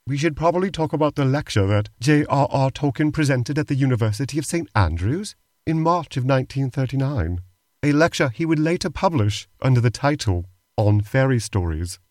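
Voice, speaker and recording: A man's voice: medium pitch, animated, a little fast, darkish tone, no room sound. A man co-hosting a comedy podcast, answering in a dry, exasperated manner. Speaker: podcast co-host.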